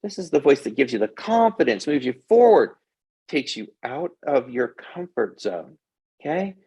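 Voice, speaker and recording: A middle-aged man giving an energetic motivational talk to kids as a confidence coach, often checking in with "okay?". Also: mid-range voice, moderate pace, husky.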